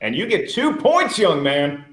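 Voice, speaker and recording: A man's voice: fairly high pitch, sing-song, a little slow, a bit bright, reverberant. A man reading questions in a live-streamed trivia match, playful and teasing with the contestants.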